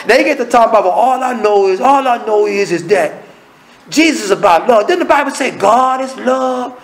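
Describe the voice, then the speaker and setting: Male preacher, high gravelly voice, folksy, blunt and funny, acts out everyday dialogue. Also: low-quality recording. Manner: blunt, scolding, humorous. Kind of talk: evening sermon.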